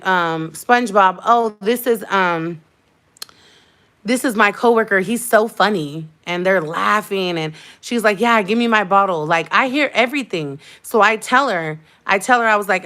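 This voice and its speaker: A woman's voice: medium pitch, fairly bright tone. A young adult woman vlogger in a casual livestream chat, telling a heated story with emphatic repetition.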